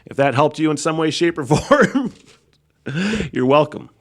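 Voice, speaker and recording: A man's voice: on the high side, measured pace. A man hosting his own podcast, telling a rambling, profane story in a solo monologue and often breaking into laughter. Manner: animated storytelling. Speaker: podcast host.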